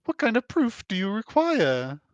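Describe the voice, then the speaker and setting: A man's voice: high voice, huge pitch swings, moderate pace, no echo, muffled recording, voice pushed up. Man doing a pompous British scholar. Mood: formal. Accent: put-on pompous British. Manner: stiff, overly formal drawl.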